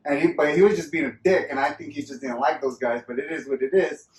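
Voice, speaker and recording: A man's voice: on the high side, fast, distant mic. Casual male co-host, swears a lot, rambles, off-mic in a roomy space. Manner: profane, rambling storyteller. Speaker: podcast co-host. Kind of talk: casual chat. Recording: roomy sound, voice away from mic, faint ambience.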